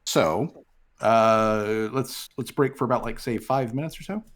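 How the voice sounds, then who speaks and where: A man's voice: mid-range voice, a little slow. A man running a tabletop game as game master, talking loosely with many fillers.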